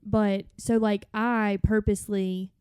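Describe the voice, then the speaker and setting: A young woman, co-hosting a podcast in casual chat and telling stories in a lively way. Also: medium pitch, slow, clear, resonant tone, dry recording, clean studio sound. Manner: chatty, animated storytelling with run-on asides. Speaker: podcast co-host.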